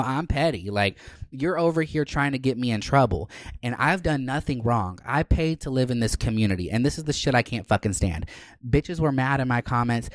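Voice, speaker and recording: A man's voice: mid-range voice, no echo. A young man hosting a podcast, telling a story in a rambling, profane, casual way. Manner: rambling, profane, lots of "like" fillers. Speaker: podcast host. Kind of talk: casual chat.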